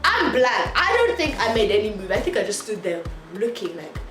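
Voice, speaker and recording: A woman vlogger telling a story in an animated way, laughing as she goes. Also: medium pitch, normal speed. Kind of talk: storytime vlog. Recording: echoey room, faint music.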